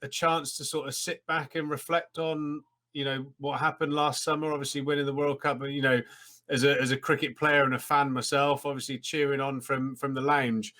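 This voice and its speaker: A man from England hosts a casual interview in a mid-pitched voice. He is chatty and stumbling, repeats his words and tells anecdotes along the way. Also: flat delivery, normal speed, pushed and bright. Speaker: host, former cricketer.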